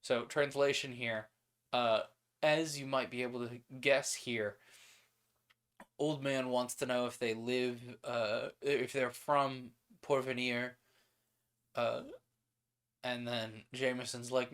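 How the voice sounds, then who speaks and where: A man's voice: medium pitch, flat delivery, slow pace, pauses often, fairly bright tone, smooth. A man reading an old pulp story aloud on a stream, with casual asides and paraphrases between passages. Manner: reads steadily, then adds casual asides and paraphrases.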